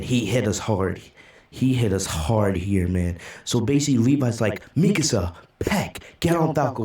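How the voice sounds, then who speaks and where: Choked-up man recapping a manga, mellow tone. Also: on the low side. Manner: emotional, recaps events loosely with fillers. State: holding back tears. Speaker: manga reaction channel host. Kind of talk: casual reaction commentary.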